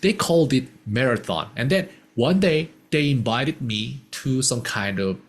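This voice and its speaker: A man's voice: mid-range voice, lively intonation, measured pace, slightly rough. A man teaching a casual one-on-one English lesson, patiently explaining simple words.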